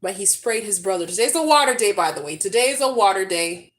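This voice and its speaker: This expressive, quick-paced woman with a mid-range voice is a vlogger in her thirties live streaming outdoors at home near the pool. She talks casually to viewers, interrupting herself to call out to and scold her kids in the backyard.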